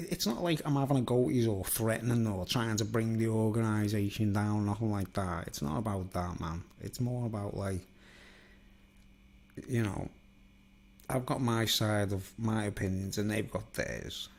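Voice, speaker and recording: A man's voice: lowish voice, normal speed, a little mellow. A man delivering a digressive, conspiratorial solo monologue, constantly seeking agreement. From England. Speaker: vlogger.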